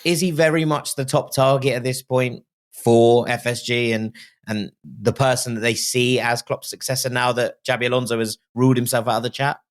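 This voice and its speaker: A man's voice: mid-range voice, steady tone, normal speed. Man hosting a football podcast. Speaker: podcast host. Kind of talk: casual football podcast chat.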